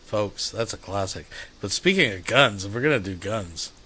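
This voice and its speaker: A man's voice: on the low side, animated, normal speed, very noisy. A man hosting a stream, commenting casually with rambling, profane remarks to his viewers. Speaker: streamer host.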